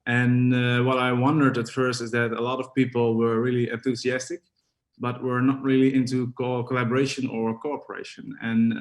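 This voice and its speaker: A man from the Netherlands with a Dutch accent, a podcast guest speaking hesitantly with many fillers. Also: medium pitch. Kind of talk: casual podcast interview.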